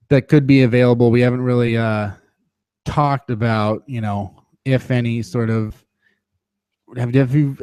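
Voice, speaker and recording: A man's voice: medium pitch, darkish tone, clear, resonant tone, no room sound. A man hosting a sports podcast, chatting casually in a loose, self-deprecating way with lots of "uh" fillers. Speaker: podcast host.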